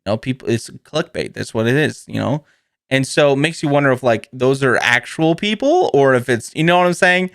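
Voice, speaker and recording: A man's voice: on the high side, no echo, studio quality. A man hosting his own podcast, talking casually and rambling with lots of fillers, often laughing and acting out voices. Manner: animated storytelling with mimicked voices. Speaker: podcast host. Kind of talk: casual solo podcast chat.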